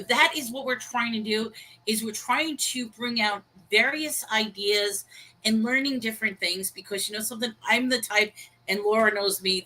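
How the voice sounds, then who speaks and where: A sharp, somewhat high female voice comes through on poor audio. She's co-hosting an easygoing livestream conversation, chatty and self-deprecating about her pronunciation, greeting viewers and reading their chat out loud.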